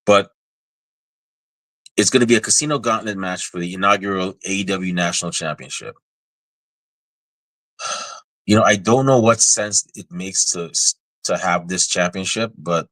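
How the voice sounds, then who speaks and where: A man with a fairly low voice hosts a casual podcast and talks through his predictions. He is animated and chatty, often restarting his sentences. The sound is dry, with no room echo. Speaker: podcast host. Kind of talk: casual wrestling predictions chat.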